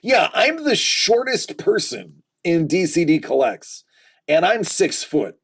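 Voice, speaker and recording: A man in his forties hosts a relaxed livestream, reading out chat comments and riffing on them with dry jokes. His voice sits a little on the high side. He talks at a slow, easygoing pace. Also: husky. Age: 40s. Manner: joking, reads chat comments aloud and riffs on them.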